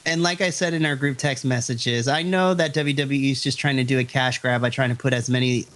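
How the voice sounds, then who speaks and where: Male podcast co-host, mid-pitched voice, playful and blunt, laughs a lot. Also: fairly even intonation, a little fast, fairly bright tone. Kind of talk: casual chat reacting to wrestling.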